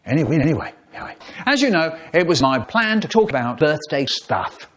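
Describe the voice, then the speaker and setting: A man's voice: on the high side, big pitch swings, brisk, fairly bright tone. A man in his sixties telling a story in a dramatic, exaggerated way. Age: 60s. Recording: recording with clear background noise.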